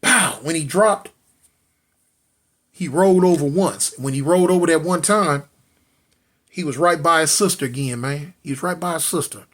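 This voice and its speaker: A man's voice: a little high, moderate pace, pauses often, fairly bright tone. Dramatic male street storyteller. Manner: dramatic, repetitive, voices gunshot sounds; addresses listeners directly.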